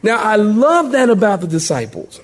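A man's voice: high-pitched, moderate pace. A middle-aged man, preaching a verse-by-verse sermon live in church and calling for responses from the congregation. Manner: animated, call-and-response with congregation. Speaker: pastor. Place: church sanctuary.

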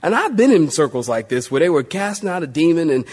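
A pastor preaching a sermon in a folksy, animated way, calling on the congregation to answer back. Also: male voice, a little high, fast, husky.

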